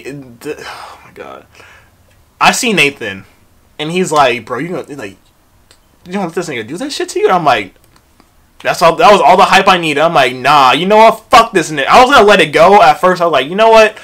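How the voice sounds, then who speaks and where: Profane young man telling a storytime. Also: fairly high pitch. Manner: profane, animated retelling with acted-out quotes. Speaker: vlogger. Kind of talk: storytime vlog.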